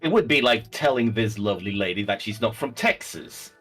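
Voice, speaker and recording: A man voicing a haughty English gentleman gunslinger in a murder mystery role-play, defensive and stammering. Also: fairly low pitch, animated, fairly quick, faint music behind. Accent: put-on English.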